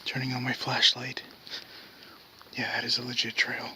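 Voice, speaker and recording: A man's voice: mid-range voice, completely flat delivery, normal speed, noisy background. A man exploring a forest at night with a camera, talking tensely and often in a whisper. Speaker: paranormal investigator.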